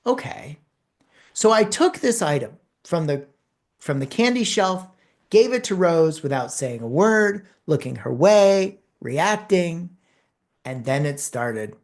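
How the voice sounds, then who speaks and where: With a lowish voice and some vocal fry, a female communication trainer and speaker delivers an animated, story-driven course lecture punctuated by emphatic pauses.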